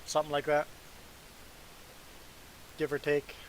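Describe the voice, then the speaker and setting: Here is a relaxed man from Canada, talking casually through a game stream. He has a voice pitched a little above most men's, and he rambles along with easy chuckles. A faint hiss sits under his voice. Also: unhurried, poor audio. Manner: relaxed, rambling storyteller who chuckles often. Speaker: gaming live streamer. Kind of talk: casual chat while playing a game.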